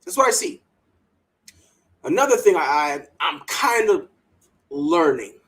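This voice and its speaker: Sports talk podcast host, emphatic and restless, pitch swinging all over as they argue their takes. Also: unhurried, rough recording. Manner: animated and emphatic, repeats words, mocks others in quoted voices.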